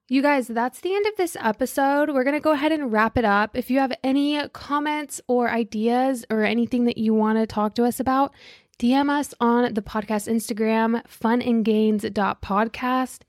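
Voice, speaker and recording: A woman's voice: fairly high pitch, moderate pace, dry recording, studio quality. A woman hosting a podcast, talking in a bubbly, gushing, chatty way. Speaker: podcast host. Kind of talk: casual podcast chat.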